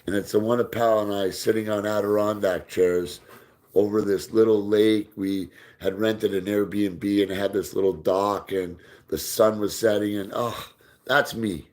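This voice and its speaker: On his casual live stream, a livestream host with a fairly low voice reads viewer comments aloud and responds with easy banter. Whenever there's a pause, he tosses a ball to his dog and coos at it in gentle baby talk.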